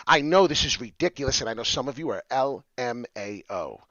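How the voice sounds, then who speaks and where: A man rants like a fired-up preacher, swearing and swinging from shouts down to low mutters. His voice is bright and forceful, leaping all over in pitch. The sound is dry and a little muffled. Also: animated, a little fast, no room sound. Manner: swears often, preachy and rambling. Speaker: crypto chart streamer. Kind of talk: fired-up motivational rant.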